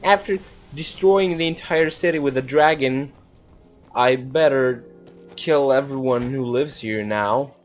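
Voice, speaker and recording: A man giving casual gameplay commentary, swearing often and swinging between loud outbursts and muttered asides. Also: mid-range voice, unhurried, soft background music. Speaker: gaming video host.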